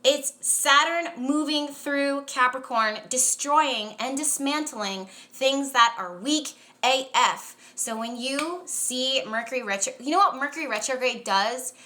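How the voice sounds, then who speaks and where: A woman hosting a casual live astrology chat on a stream, talking chattily with lots of "like"s, quick laughs and emphatic rants. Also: high-pitched, sharp tone. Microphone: phone or webcam on a live stream.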